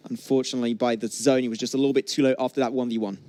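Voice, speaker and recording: A man calling live play-by-play commentary for an esports match, getting excitable on big plays. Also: medium pitch, very fast, hardly any pauses, over music.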